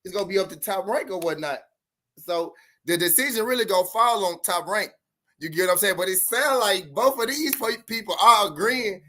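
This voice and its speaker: Loud bright-voiced boxing stream host. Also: male voice, on the high side. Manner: loud, recaps and breaks down a clip. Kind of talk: live stream commentary.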